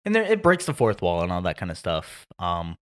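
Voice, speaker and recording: A man's voice: deep voice, huge pitch swings, brisk. A man hosting a podcast, chatting casually and hesitantly with many ums. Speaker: podcast host. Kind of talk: casual chat.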